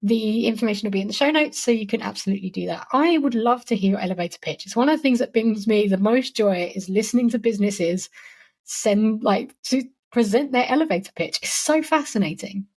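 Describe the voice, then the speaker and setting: A woman's voice: mid-range voice, animated, brisk, darkish tone, breathy edge. A woman hosting a solo podcast, giving marketing advice in a chatty, encouraging way with frequent "like" and "you know". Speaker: podcast host.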